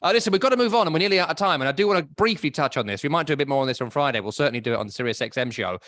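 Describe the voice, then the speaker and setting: A man's voice: on the high side, lively intonation, very fast, a bit bright, dry recording. A man with an English accent co-hosting a casual football podcast, wry and opinionated. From England. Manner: opinionated, wry, hesitant restarts. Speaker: podcast co-host.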